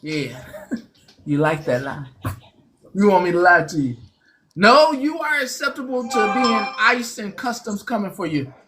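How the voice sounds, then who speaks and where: A woman hosts a casual live commentary stream with a bright, forceful voice. She lectures and mocks her viewers, drilling each point in by saying it again and again. Her pitch sits in a middling range for a woman. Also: very animated, measured pace, long pauses, a little hiss or hum. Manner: mocking, preachy, repeats phrases for emphasis. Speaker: host.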